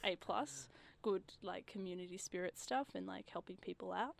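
On the radio, a young woman guest chats casually, full of "like" fillers and quick impressions of customers. Her voice is medium-pitched and creaky.

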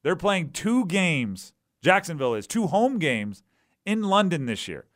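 Animated higher-voiced male radio host. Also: a little slow. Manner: animated, acts out quoted voices. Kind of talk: sports talk radio.

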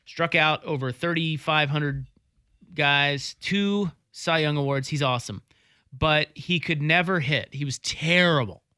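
A man chats loosely about sports, spinning long stories with easy laughs. His voice sits a little high and rings bright. The sound is dry and close. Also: measured pace, clear, resonant tone, dry recording. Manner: rambling storyteller, laughs easily. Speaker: podcast co-host. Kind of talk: casual sports chat.

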